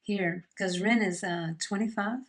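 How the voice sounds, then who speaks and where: A woman's voice: medium pitch, steady tone, unhurried. A middle-aged woman co-hosting a podcast, chatting casually over wine, rambling and laughing often. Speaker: podcast co-host.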